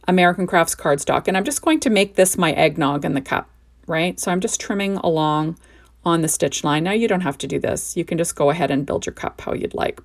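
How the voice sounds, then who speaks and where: A woman hosting a crafting tutorial, explaining each step in a chatty, enthusiastic way and often asking "right?". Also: lowish voice. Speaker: crafting video host. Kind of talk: card-making tutorial narration.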